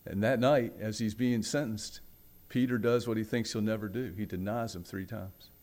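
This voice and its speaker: A man preaching a sermon, telling a story with dramatic swings from loud, raised passages to hushed ones and acting out the voices in it. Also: fairly low pitch, steady tone, normal speed. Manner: acts out the quoted voices in the story. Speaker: pastor.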